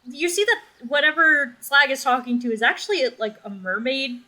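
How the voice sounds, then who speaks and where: A woman's voice: high voice, normal speed, sharp tone, rough recording. A young woman narrating as game master in a casual, rambling way.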